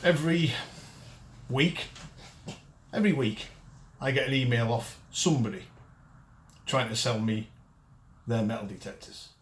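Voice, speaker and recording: This medium-pitched, unhurried voice comes with long pauses. It belongs to a detecting show host and dealer in his fifties, bluntly ranting in a casual talk to camera and restarting often.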